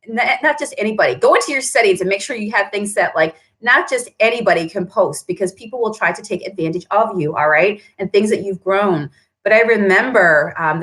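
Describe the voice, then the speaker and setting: A woman's voice: medium pitch, a bit bright. A woman who runs a paint shop, chatting on a live stream, answering viewer comments and tagging her points with "right?".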